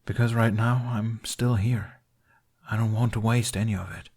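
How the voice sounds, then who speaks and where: A man reading the lines of a guarded, troubled young man, speaking quietly, close to a whisper. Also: lowish voice, steady tone, normal speed, slightly rough. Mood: somber. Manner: hushed, near whisper.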